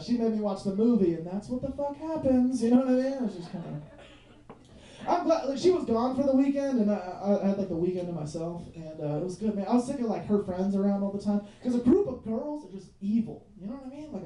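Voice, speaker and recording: A man's voice: high voice, animated, fairly quick, mellow, distant mic. Rambling young male stand-up comic, echoey club. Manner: loose, profane, rambling with fillers like "you know what I mean". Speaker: stand-up comedian. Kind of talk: stand-up comedy set. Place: small comedy club.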